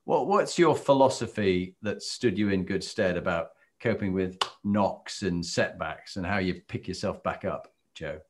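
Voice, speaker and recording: Male interviewer with a lowish voice. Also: unhurried, hardly any pauses. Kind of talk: podcast interview.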